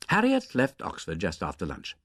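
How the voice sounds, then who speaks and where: A man narrating a novel as an audiobook in an expressive, measured way. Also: deep voice, husky, no echo, studio quality.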